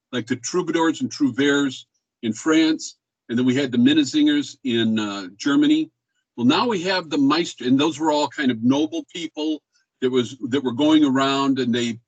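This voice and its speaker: A male music history teacher with a mid-range voice lectures casually and ramblingly, filling pauses with ums and uhs and voicing speech rhythms to make his points. The audio is dry, close, and dull, with no room sound.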